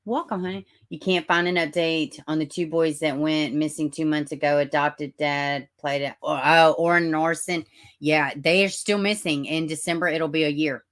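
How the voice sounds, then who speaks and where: A true-crime livestream host from Middle Tennessee chats casually in a Southern accent, calling viewers honey and baby while reading their comments. Her voice is deep, fairly even in intonation, and at a normal speed.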